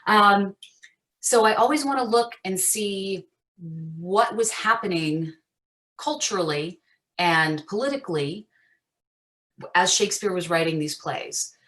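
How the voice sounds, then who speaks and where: A woman teaching an acting master class over a video call, chatty and animated with frequent fillers. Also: mid-range voice, measured pace, long pauses.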